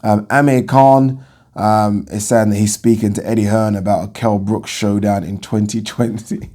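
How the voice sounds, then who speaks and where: A man talks straight to his viewers in a casual monologue. His voice sits fairly low and mellow. He is blunt and opinionated and swears freely when something annoys him. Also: expressive, measured pace. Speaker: boxing channel host.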